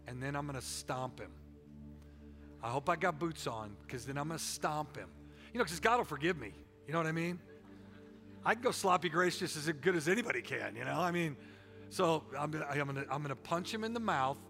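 A man's voice: a little high, fairly bright tone. A middle-aged man preaching a sermon with a folksy, joking and emphatic delivery. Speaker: pastor.

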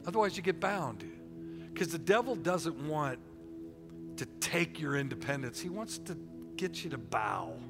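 A middle-aged man preaching a sermon, animated and repetitive, telling stories between points. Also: on the high side, measured pace, over music.

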